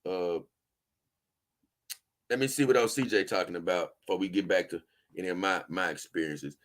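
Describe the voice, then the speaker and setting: A man's voice: low-pitched, moderate pace. A man vlogging casually, answering viewer comments in an emphatic, repetitive, slangy way and often tripping over his words. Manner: trips over his words, frequent restarts. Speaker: doll-collecting vlogger.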